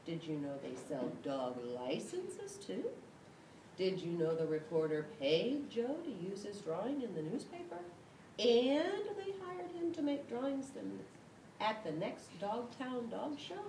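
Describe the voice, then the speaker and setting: A woman reading a dog's storybook aloud in the first person, expressive, with sudden shouts and yelps, recorded in an echoey room from a distance with a rumble behind. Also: takes it slowly. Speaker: storybook reader. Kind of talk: reading a picture book aloud.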